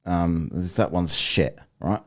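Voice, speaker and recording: A man's voice: sits low, takes it slowly. Rambling man, swearing freely. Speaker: live-streamer host. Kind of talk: casual chat.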